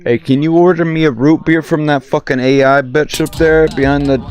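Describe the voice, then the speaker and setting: A man streaming a social VR game, talking in a profane, teasing and excitable way over a headset mic. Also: a little high, fairly quick. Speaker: VRChat streamer. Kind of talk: casual game chat.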